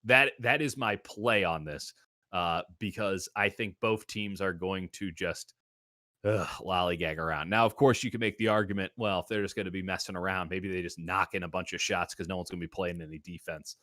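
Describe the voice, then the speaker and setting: A man's voice: low voice, steady tone, moderate pace, bright, forceful tone, dry recording, clean studio sound. A man hosting a sports betting show, giving his picks in casual talk and riffing with comic exaggeration. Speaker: sports betting podcast host.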